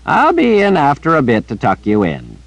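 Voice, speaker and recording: A man reading an audiobook, voicing an old male wizard who is gentle and grandfatherly toward a child. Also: medium pitch, huge pitch swings, normal speed, vocal fry, no echo, voice pushed up, exaggerated voice, low-quality recording. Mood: fond.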